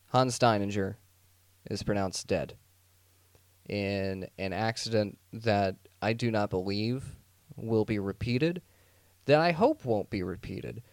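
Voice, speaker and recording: A man's voice: on the low side, slow pace, darkish tone, dry recording. A man hosting a podcast, telling a true-crime story as a rambling, jokey monologue full of restarts and sarcastic asides. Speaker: podcast host.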